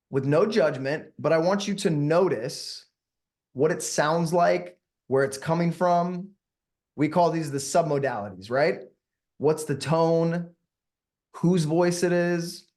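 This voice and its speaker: Man slowly guiding a meditation. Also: on the high side, darkish tone. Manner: slow, soothing, and engages the audience with questions. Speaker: hypnotist and workshop leader. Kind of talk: guided meditation and teaching.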